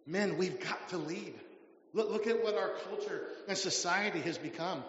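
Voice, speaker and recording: High-voiced preacher in an echoing hall. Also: male voice, normal speed, a bit bright. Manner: emphatic preaching with repeated phrases. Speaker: pastor. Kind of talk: sermon. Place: large church hall. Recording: echoey hall sound, muffled.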